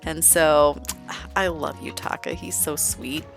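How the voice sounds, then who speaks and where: A young woman with a fairly low voice hosting a gameplay video. She talks in a chatty, bubbly way, full of fillers, as she follows her characters. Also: fairly even intonation, slow pace, gravelly, soft background music. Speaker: game let's-play host. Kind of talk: casual gameplay commentary.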